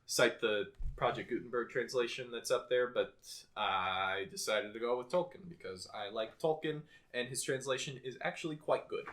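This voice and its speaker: A man's voice: mid-range voice, normal speed, few pauses, fairly bright tone. Young male podcast co-host, bookish, rambles with many restarts. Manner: reads poetry aloud. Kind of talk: casual chat.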